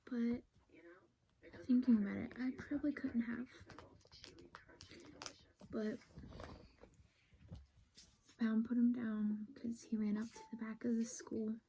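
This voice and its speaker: Soft, slow young woman, dark-toned. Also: a little high, little pitch movement, slight background noise, low-quality recording. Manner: soft, halting, often whispered. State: sad, emotional. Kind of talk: personal storytelling.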